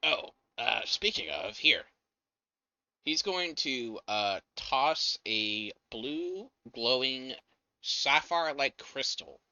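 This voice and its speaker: A man as game master describing events at a tabletop game in an animated way. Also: mid-range voice, slow, dry recording, lo-fi sound.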